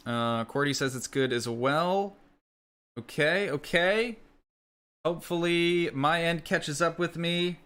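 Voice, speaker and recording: A man's voice: a little high, slow pace, bright, forceful tone, clean tone. A man casually commenting on his game during a live stream, rambling and answering chat questions.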